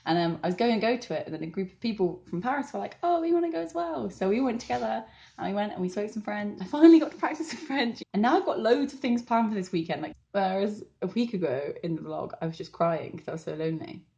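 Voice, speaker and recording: In a video diary about her time abroad as a language assistant, a young woman chats openly, laughing at times and leaning on "like" and "um." Her mid-range voice is fast and dark in tone, and the audio sounds dull.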